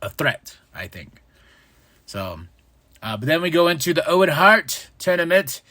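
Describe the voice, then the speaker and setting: A man's voice: fairly high pitch, a little slow, no echo. A man hosting a podcast, recapping a wrestling show in casual chat and acting out what people said in different voices. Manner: animated, acts out quotes in different voices. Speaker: podcast host.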